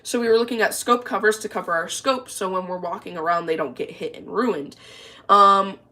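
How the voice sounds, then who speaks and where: A woman's voice: medium pitch, a little fast, pushed and bright. A young woman telling a story in a casual, rambling way, full of "like" and restarts, while cooking in her kitchen. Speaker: vlogger.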